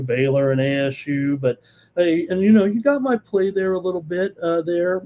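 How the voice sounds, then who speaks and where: A male sports betting show host giving live analysis, talking fast with many fillers and reading out viewer comments. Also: a little high, dark tone.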